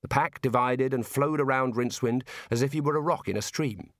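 A man reads a storybook aloud in steady, measured narration. His voice sits at an average male pitch, and the recording is close and dry with no room sound. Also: dry recording. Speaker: audiobook narrator.

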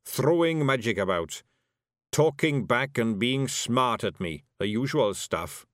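A man's voice: mid-range voice, expressive, takes it slowly, no echo, clean studio sound. Man doing a blustering pompous dwarf shopkeeper. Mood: indignant. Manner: lofty, indignant, loud.

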